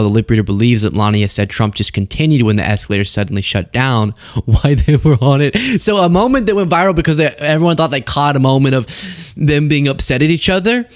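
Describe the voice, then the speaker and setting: A man's voice: mid-range voice, no room sound, clean studio sound. A man hosting a political commentary show, talking casually and sarcastically with frequent laughter.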